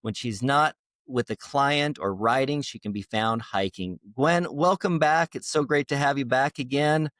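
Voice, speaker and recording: A man's voice: mid-range voice, unhurried, a bit bright, dry recording, clean studio sound. A man hosting a podcast, reading a scripted intro and then chatting in a friendly, easygoing way. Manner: friendly, easygoing, some filler words. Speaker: podcast host.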